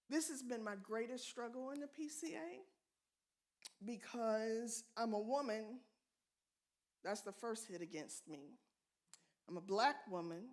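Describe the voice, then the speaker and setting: A middle-aged woman from the United States speaking at a church conference, direct and candid, telling stories with animated asides. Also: on the high side.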